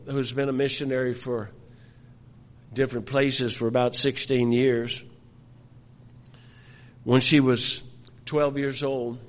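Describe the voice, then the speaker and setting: An older man preaching, telling a personal story with many restarts and repeated words. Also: mid-range voice. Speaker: pastor. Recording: long hall reverb.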